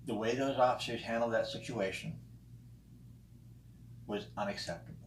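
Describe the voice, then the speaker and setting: A vlogger with a fairly low voice gives his blunt, profane take on a friend's video in a casual monologue. He pauses often on ums and restarts his thoughts, while the echoey room adds a faint hum of noise.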